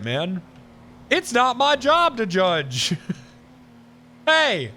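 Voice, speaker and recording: Lively laughing male streamer. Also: very high voice, a little hiss or hum. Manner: profane, laughing often, quick to mock outrage. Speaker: livestreamer. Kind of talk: casual livestream chat with viewers.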